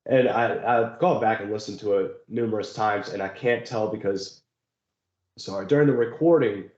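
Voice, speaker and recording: A man's voice: lowish voice, moderate pace, darkish tone. A man co-hosting a casual chat about ghost hunting, rambling and laughing often. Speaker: podcast co-host. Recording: echoey room, dull lo-fi sound.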